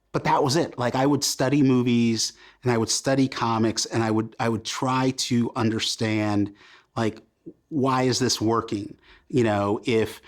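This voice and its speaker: A man in his fifties from Portland, Oregon, telling stories about his life in a casual interview and acting out remembered lines of dialogue. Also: medium pitch. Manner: animated, self-deprecating, acts out remembered dialogue. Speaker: comic book creator as guest.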